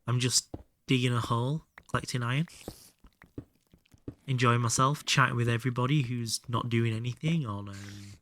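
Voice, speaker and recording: A man's voice: mid-range voice, sharp tone, a little hiss or hum. A man chatting casually with his viewers while playing a game, joking and bantering, now and then muttering under his breath. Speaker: streamer. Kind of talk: casual live-stream chat while gaming.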